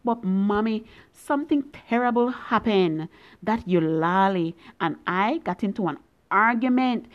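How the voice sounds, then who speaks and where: A woman's voice: mid-range voice, moderate pace, highs cut off. A woman reading a story in a young girl's voice, full of earnest, pleading questions to her mother. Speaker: reader.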